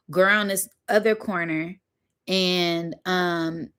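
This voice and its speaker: A woman vlogger telling a story in a casual, animated, slangy way, with spoken sound effects. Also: lowish voice.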